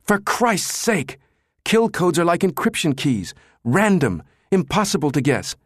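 A man voicing a frantic male systems chief who shouts and insists. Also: a little high, very animated, a little slow, husky, no room sound, clean studio sound, pitched above the performer's own voice, full character voice. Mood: urgent.

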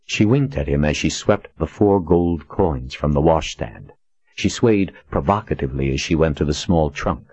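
Very deep-voiced male audiobook narrator. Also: expressive, moderate pace, a little mellow, breathy edge, no echo, lo-fi sound. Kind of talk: scripted narration.

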